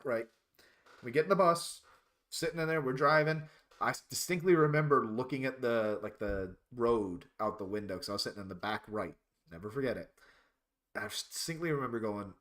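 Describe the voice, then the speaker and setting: A man's voice: medium pitch, a little fast, a bit bright. A man casually telling rambling stories on a live stream, laughing at his own tales.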